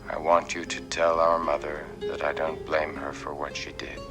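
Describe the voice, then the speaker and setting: A solemn brother with an extremely deep, flat voice, his words laid over plucked guitar music from a film soundtrack. The delivery is steady and grave. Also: moderate pace. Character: grave adult brother, forgiving mother. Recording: film clip with music behind.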